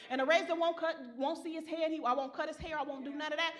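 A woman preacher delivering an impassioned sermon, swinging from soft, low passages to loud, rising calls. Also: fairly even intonation, quick pace, hardly any pauses.

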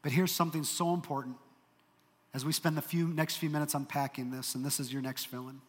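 A male pastor preaches in an emphatic, earnest way and slips in dry joking asides. His voice sits a little high for a man, and a long hall reverb trails every phrase. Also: fairly even intonation, a little fast. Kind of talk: sermon.

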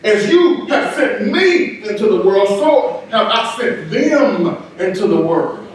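A man preaching a sermon as pastor, emphatic and rising, with quick asides and laughter, in a church sanctuary. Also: high-pitched, animated. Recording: echoey church hall, from a distance.

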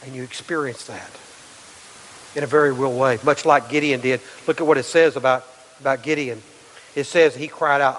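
A man's voice: on the high side, moderate pace, a bit bright. Man preaching in a reverberant hall. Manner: conversational preaching, acts out quotes, repeats words. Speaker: pastor. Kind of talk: sermon.

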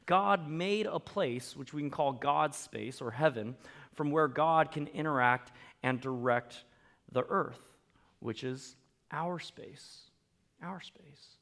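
A man's voice: fairly high pitch, takes it slowly, a bit bright. A man preaching a sermon in a conversational way, often checking in with the listeners and making playful asides. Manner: conversational preaching with frequent tag questions. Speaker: pastor.

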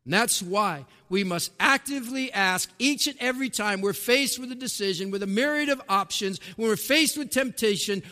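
A man preaching a sermon, emphatic, with rhetorical questions, rising to shouts and dropping to a hush, in a church sanctuary. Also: sits high, normal speed, hardly any pauses. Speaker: pastor. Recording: long reverb of a large hall.

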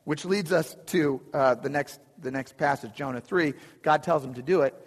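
A man gives a relaxed, conversational sermon, breaking off for chuckling asides and restarting his sentences. His voice sits a bit higher than most men's. The sound carries a long reverb, as in a church sanctuary. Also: normal speed. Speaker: preacher. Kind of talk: sermon with slides.

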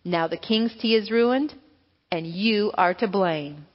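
A woman's voice: medium pitch, slow pace. Young storybook farm boy, scolding and huffy, as a woman reads him; echoey hall. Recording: echoey hall, dull lo-fi sound.

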